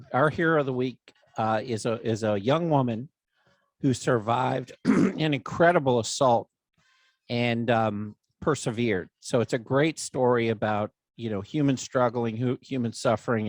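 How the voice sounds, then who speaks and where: A man hosting a casual podcast, ribbing his co-host in a dry, deadpan way. His voice sits mid-range and sounds close and dry, with no room echo. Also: medium pitch. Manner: teasing, deadpan joking.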